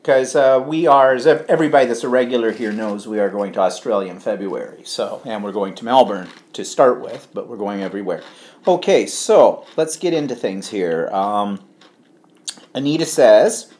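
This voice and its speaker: A man's voice: on the low side, animated, moderate pace, darkish tone. A middle-aged man co-hosting a casual live stream, rambling as he reads viewer comments and trips over place names. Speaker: livestream co-host.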